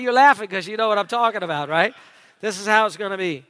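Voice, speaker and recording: A man preaching with a high, bright voice that rings out through a church hall with a long echo. His delivery is animated and dramatic, swinging from forceful to hushed. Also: brisk. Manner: animated, dramatic preaching with shifts between loud and soft. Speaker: pastor. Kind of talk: sermon.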